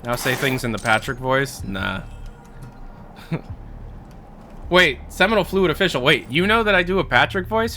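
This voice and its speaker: A man streaming and chatting casually with viewers, often in low, mumbled asides. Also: animated, measured pace, pauses often, pushed and bright, a little hiss or hum.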